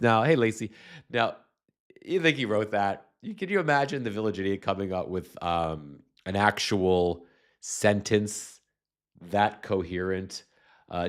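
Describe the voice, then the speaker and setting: Still recovering from a cold, with a slight lingering cough, this livestream host offers casual political commentary in a very low voice. He rambles sarcastically and keeps restarting sentences, talking at normal speed with big swings in pitch.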